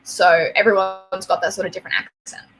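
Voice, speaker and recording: A woman's voice: medium pitch, level tone, brisk, fairly bright tone. A young adult Australian woman hosting a livestream, chatting casually, rambling with lots of fillers and swearing freely. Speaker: livestream host.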